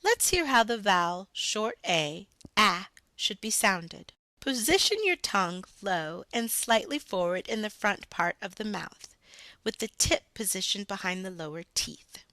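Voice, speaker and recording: A woman reading out a scripted phonics lesson as a reading teacher, slow and deliberate, stressing each sound for the learner. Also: mid-range voice, animated, sharp tone, dry recording.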